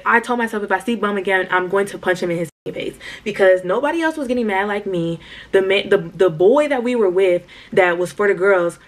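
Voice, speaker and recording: Animated woman telling a story. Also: mid-range voice. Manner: animated slangy storytelling, addresses viewers as y'all. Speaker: vlogger. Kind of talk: storytime vlog.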